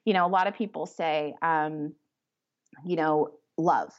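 A woman's voice: low-pitched, measured pace. Chatty woman author on muffled audio. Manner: rambling, filler-heavy, animated talk. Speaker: author and podcast guest. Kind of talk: conversational interview.

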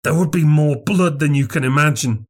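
Man putting on a sinister little bearded man, breathless, conceited, cryptic, raised pitch. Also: moderate pace, natural voice. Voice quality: low breathless voice.

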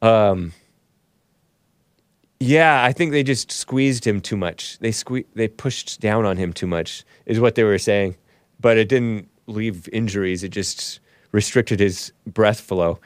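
A man hosting a casual live-stream talk show, rambling and joking, laughing often and jumping into a high voice at times. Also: slow, no echo, studio quality. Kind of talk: casual live-stream chat reading viewer messages.

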